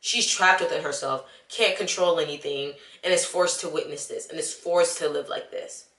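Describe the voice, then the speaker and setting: Young woman, casual movie rant, bright voice, exasperated and animated, echoey room. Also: low voice, normal speed. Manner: animated, exasperated, talks straight to the viewer. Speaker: vlogger.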